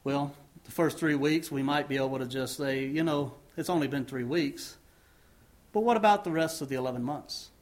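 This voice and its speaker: A man preaching a sermon to his church and leading a closing prayer, asking the congregation questions and pushing words up before letting phrase ends fall soft and low. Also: moderate pace. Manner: rising emphasis then dropping low at phrase ends; asks the congregation many questions. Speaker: pastor.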